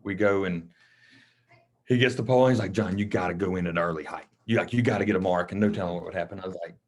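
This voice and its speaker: Low-voiced coach telling stories. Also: male voice, fast talker. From Mississippi. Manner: lively, emotional storyteller who acts out quoted dialogue. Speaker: coach and podcast guest. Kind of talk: casual storytelling interview.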